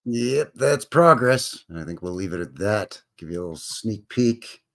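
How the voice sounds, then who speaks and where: A man's voice: on the low side, expressive, moderate pace, creaky, music in the background. A man in his fifties hosting a casual live stream from home, chatting to viewers in a folksy, rambling way. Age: 50s.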